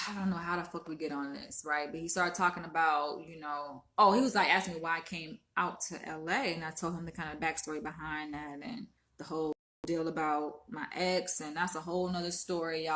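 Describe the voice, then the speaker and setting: A woman's voice: fairly low pitch, sharp tone. A woman in her twenties from Florida, venting to her viewers in a casual, profane, emotional way and fighting back tears. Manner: emotional, profane, talks straight to viewers as "y'all". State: upset, holding back tears. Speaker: vlogger.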